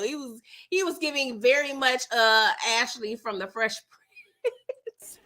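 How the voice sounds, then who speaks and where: Woman host with a bright, sharp voice, telling a show recap in a slangy, expressive way. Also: sits high, takes it slowly, pauses often. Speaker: TV recap vlogger. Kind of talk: casual episode recap commentary.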